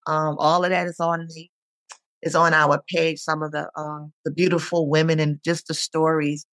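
A podcast host speaking haltingly with many fillers while thanking and questioning a guest. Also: medium pitch, level tone, a bit bright, no room sound. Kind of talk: conversational interview.

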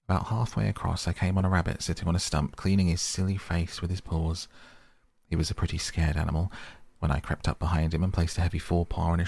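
A man voicing a cheerful, bold adult male otter telling his tale in a hearty, lively way. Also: low voice, no room sound.

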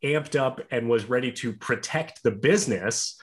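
A man's voice: mid-range voice, moderate pace. A man hosting an interview, asking long, thoughtful questions about managing staff. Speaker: interviewer, podcast host.

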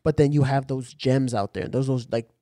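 A man's voice: mid-range voice, fairly even intonation, moderate pace, warm tone, no echo, studio quality. A man co-hosting a casual podcast, laid back and agreeable, swearing now and then. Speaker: podcast co-host.

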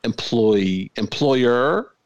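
A man's voice: medium pitch, animated, very slow, dull audio. A man co-hosting a podcast in casual chat, wry and joking, often laughing as he talks. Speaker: podcast co-host.

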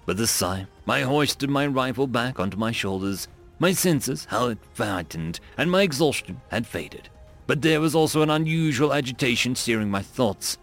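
A man narrating a science fiction story in first person with expressive storytelling. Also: medium pitch, normal speed. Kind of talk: scripted narration of a sci-fi story. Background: faint music.

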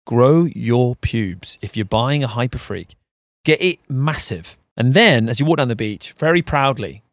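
A man's voice: medium pitch, unhurried, no echo, studio quality. Laughing male podcast host. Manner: laughs often, crude teasing jokes; calm guided breathing instructions in the mindfulness segment. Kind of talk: casual podcast banter.

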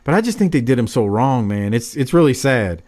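A man's voice: mid-range voice, big pitch swings, a little fast, a little mellow. Male podcast host, casual, rambling, opinionated. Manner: loose, rambling, fired-up opinions.

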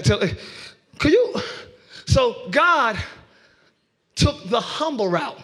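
Man, pastor, very high voice, bright and forceful, shouting sermon, sung rises, church congregation. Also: sing-song. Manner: acts out quarrels in quick voices. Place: church before a live congregation.

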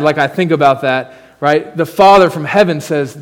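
A male pastor preaching a sermon with a slightly high voice. He shifts between fervent, loud appeals and soft, hushed lines, and adds casual humorous asides. His voice carries a long reverb from a church hall. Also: normal speed, hardly any pauses. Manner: earnest, swings between loud urging and soft, near-whispered lines. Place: church sanctuary.

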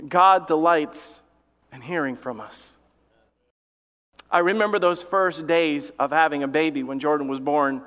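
A middle-aged man preaches in a church sanctuary, his fairly high voice ringing with a long hall reverb. He talks in a conversational, storytelling way, laughing now and then and pushing up for emphasis. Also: unhurried, fairly bright tone. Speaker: pastor. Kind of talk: sermon.

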